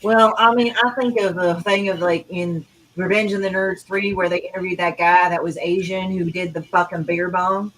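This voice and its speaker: A woman from Chicago with a flat Midwestern accent, telling rambling stories with lots of swearing on a casual talk stream. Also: lowish voice, normal speed. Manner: swears a lot, rambling storyteller. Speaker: co-host. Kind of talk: casual chat. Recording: noisy background.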